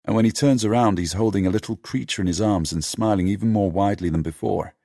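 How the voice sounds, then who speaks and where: A man with a fairly low voice narrates an audiobook in a steady, measured storytelling manner. The recording is dry with clean studio sound.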